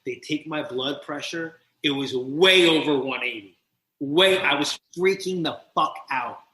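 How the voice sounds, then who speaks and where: A man, a podcast guest and recovery mentor, telling his personal story in an animated, profane way and acting out the voices of people in it. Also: fairly high pitch, unhurried. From New Jersey. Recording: roomy echo.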